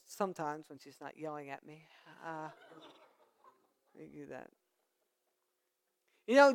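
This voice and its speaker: A pastor preaching a conversational sermon, with playful asides to the congregation. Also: male voice, sits high, clear, resonant tone.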